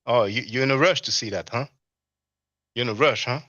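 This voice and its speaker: A man's voice: mid-range voice, brisk, bright, forceful tone, no echo, lo-fi sound. A man giving casual commentary on a live stream and reading chat, mocking and scornful, often asking "you see?". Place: abroad in Europe.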